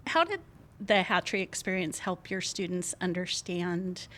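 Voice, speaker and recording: A woman's voice: fairly low pitch, very animated, moderate pace, fairly bright tone. Woman podcast host asking questions. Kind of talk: interviewing.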